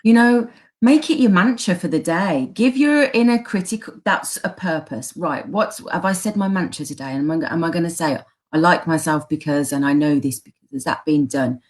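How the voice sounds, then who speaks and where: A woman's voice: lowish voice, expressive, moderate pace, a little mellow. A woman with a Birmingham accent, a coach giving encouraging advice in a casual chat and often restarting her phrases. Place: live online chat.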